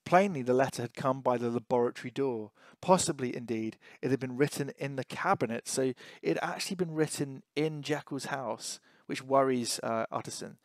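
A man's voice: medium pitch, moderate pace, hardly any pauses, no echo. A male teacher reading a novel aloud and commenting on it line by line, thinking aloud and asking questions as he goes. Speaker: English teacher.

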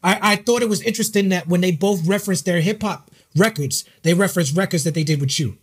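A man's voice: high-pitched, fast, slightly rough. A man hosting an interview, asking enthusiastic questions and affirming often. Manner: warm-hearted, enthusiastic questioner who affirms a lot. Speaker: podcast host. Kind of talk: interview conversation.

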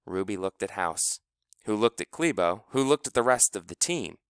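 A man reading a story aloud as narrator, lively and expressive, acting out characters. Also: lowish voice, normal speed, smooth, no room sound, studio quality. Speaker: audiobook narrator. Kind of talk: scripted narration.

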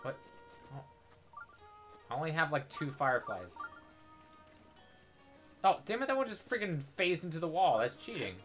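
A man's voice: a little high, sing-song, moderate pace, long pauses, a bit bright, faint music behind. A young man giving casual, joking commentary over his game playthrough, sarcastic and profane. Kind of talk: casual let's-play commentary.

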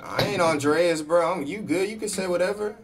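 A man's voice: high voice, fairly quick, a crowd in the background. A man streaming a game, chatting in slang and egging other players on over voice chat. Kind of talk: gaming voice chat. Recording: noisy game audio.

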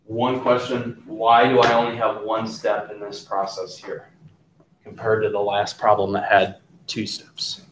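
A man teaching a chemistry class in a relaxed lecture style, often stopping to ask if there are questions. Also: on the low side, unhurried, distant mic, slight background noise. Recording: roomy classroom, voice from off-mic.

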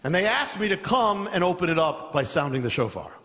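A man's voice: high voice, fairly quick. A man preaching a sermon, telling a story with energy and laughing as he goes. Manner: animated, laughing through a funny story. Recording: long reverb of a large hall.

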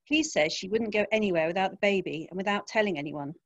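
A woman's voice: mid-range voice, fast talker, dry recording, muffled recording, close to an everyday voice. A woman voicing a curt, impatient young man who cares about appearances, reading a crime story aloud. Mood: low, firm. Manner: curt, snappy. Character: impatient young adult male partner, image-conscious.

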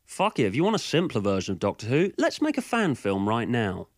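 A man's voice: mid-range voice, wildly swooping pitch, fairly quick, dry recording, studio quality. A man doing sarcastic, self-mocking comedic commentary, swearing casually and slipping into storytelling. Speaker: video essayist.

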